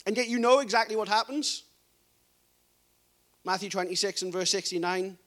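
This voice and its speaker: A man preaching a sermon, reading scripture in a low, quiet voice and building to emphatic, raised passages. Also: moderate pace.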